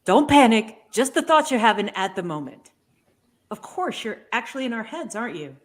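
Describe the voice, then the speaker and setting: A woman voicing a playful, childlike male alien presence with a chirpy, excited manner in a podcast read-through. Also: on the high side, normal speed, voice pushed up.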